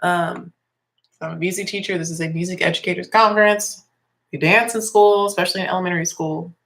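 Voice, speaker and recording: A woman's voice: fairly low pitch, fairly even intonation, quick pace, a bit bright, a little hiss or hum. A young woman with a slightly congested voice, chatting casually through a makeup tutorial and explaining each step as she works. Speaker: music teacher and beauty vlogger.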